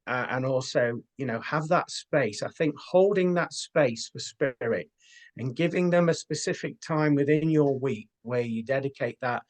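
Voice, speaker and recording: An earnest man of ordinary pitch, talking as a guest in an interview. He tells his experiences at an unhurried pace, with plenty of ums and uhs. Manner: earnest, unhurried storytelling with fillers. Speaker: guest, spiritual medium. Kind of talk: casual interview talk.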